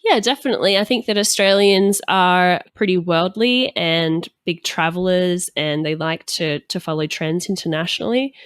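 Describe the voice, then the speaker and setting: Woman podcast host, lowish voice, dry close sound, casual unhurried chat. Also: steady tone, clear, resonant tone, dry recording.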